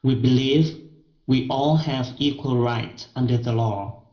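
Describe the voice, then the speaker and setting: A man's voice: mid-range voice, a little slow, dark tone. A male student reading a passage aloud and asking questions hesitantly, restarting his words. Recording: dull, roomy sound.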